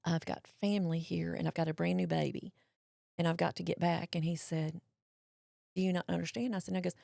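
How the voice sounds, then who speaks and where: A woman, telling a personal story as an interview guest, folksy and animated, acting out what others said. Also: fairly low pitch, fast talker, creaky, no room sound, studio quality. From Mississippi, US.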